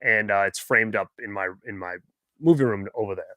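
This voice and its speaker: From his home movie room, a man hosts a live stream and tells a rambling, chatty story, quoting the people he met along the way. His voice is fairly low, a bit bright and fairly quick, captured in a dry, studio-quality recording.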